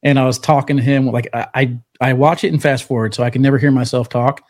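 A man's voice: medium pitch, steady tone, quick pace, a little mellow. A man co-hosting a casual podcast on a video call, chatty and laughing now and then as he hypes things up. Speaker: podcast co-host. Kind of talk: casual chat. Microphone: remote video call.

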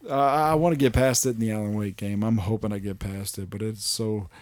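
A man co-hosting a podcast in casual chat, retelling scenes with sudden jumps into loud, high voices and casual swearing. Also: a little fast, no echo. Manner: animated storyteller, acts out scenes with big pitch jumps, swears. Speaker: podcast co-host.

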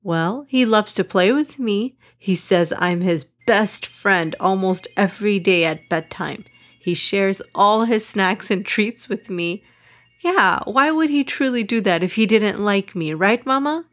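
A woman voicing an upset, earnest young boy in a storybook, lifting her voice higher and brighter. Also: measured pace, close to an everyday voice. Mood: aggrieved.

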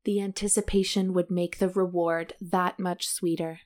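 A woman's voice: lowish voice, flat delivery, moderate pace, a little mellow. A woman co-hosting a chatty podcast, reading passages from a romance novel aloud and joking about them. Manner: giggly, reads passages then jokes about them. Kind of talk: casual chat and reading aloud.

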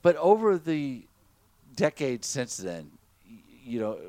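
A man's voice: mid-range voice, very animated, slow, a little mellow, no echo. A man from the Southern United States, co-hosting a casual podcast chat and throwing in dry, teasing wisecracks.

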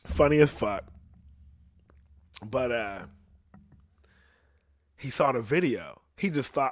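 A young man spins a crude, profane story in loose casual chat, rambling through restarts and breaking into laughs along the way. His voice sits at an ordinary middle pitch. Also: lively intonation, takes it slowly, long pauses, no room sound. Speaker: podcast storyteller.

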